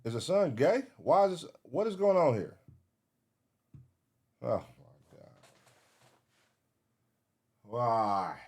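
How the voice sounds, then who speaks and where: A man giving live reaction commentary, excitable, swearing and thinking aloud as he searches. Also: mid-range voice, slow pace, long pauses. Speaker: reaction streamer.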